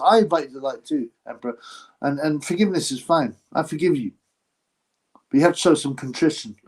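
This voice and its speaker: A man's voice: a little high, expressive, moderate pace, long pauses, husky. A man hosting a live stream, giving blunt, mocking commentary on a boxing match and reading out chat comments. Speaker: livestream host reacting to a boxing fight.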